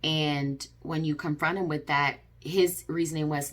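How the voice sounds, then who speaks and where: A woman's voice: low-pitched, steady tone, moderate pace, hardly any pauses. A woman talking to camera in an earnest, repetitive way, with many fillers and restarts. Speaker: vlogger. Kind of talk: personal advice vlog.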